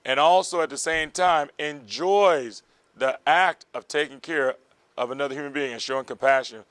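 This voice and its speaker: A man teaching medical exam material and describing his prep program, animated and vivid, acting out heart sounds. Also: a little high, normal speed, clear, resonant tone, no room sound. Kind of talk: lecturing and promotional interview.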